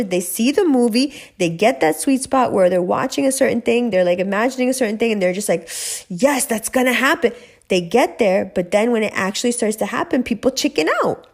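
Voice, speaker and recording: A woman's voice: fairly high pitch, a little mellow. Emphatic, swearing woman ranting. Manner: emphatic, profane, preachy, direct. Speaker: podcast host, spiritual reader. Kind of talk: casual ranting monologue.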